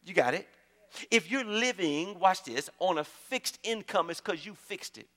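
A man's voice: high-pitched, expressive, measured pace, a bit bright. A male pastor preaching a sermon in a church, emphatic, often checking in with the congregation and repeating key phrases. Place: church sanctuary. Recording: long reverb of a large hall.

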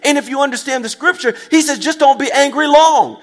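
Male preacher, very high voice, call-and-response delivery, long hall reverb. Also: fairly quick. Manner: emphatic call-and-response, repeats phrases, checks in with listeners. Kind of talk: sermon.

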